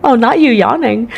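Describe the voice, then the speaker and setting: A woman's voice: a little high, vocal fry. Giggly chatty woman gaming streamer. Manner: giggly, chatty, lots of fillers. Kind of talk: casual game commentary.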